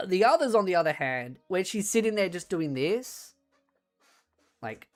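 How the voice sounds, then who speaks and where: A woman streamer in casual chat on a desk mic, retelling things in a rambling, animated way. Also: fairly low pitch, measured pace, long pauses, soft background music.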